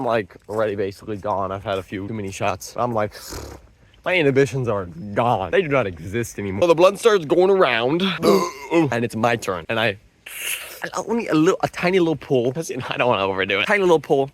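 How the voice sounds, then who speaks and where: A young man casually telling a rambling story from his own life, full of slang and excitable asides. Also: medium pitch, quick pace. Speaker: vlogger.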